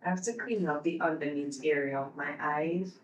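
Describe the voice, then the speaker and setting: Lady doing a makeup tutorial, slow and step by step, echoey room, mic a bit far off. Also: deep voice. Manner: slow step-by-step instructions to viewers. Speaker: beauty vlogger. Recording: roomy, away from the mic.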